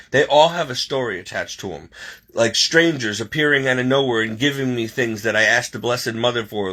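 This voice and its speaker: A man telling a personal faith story in a casual way, animated and emotional, choking up and tearing up as he reads aloud, on a webcam. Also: mid-range voice. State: teary. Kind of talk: personal testimony, casual talk.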